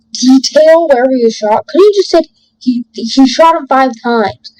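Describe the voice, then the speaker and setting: A woman's voice: sits high, a little slow, darkish tone, no echo, poor audio. A woman hosting a let's play video, reading game text aloud and breaking off for jokey asides. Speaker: gaming video host.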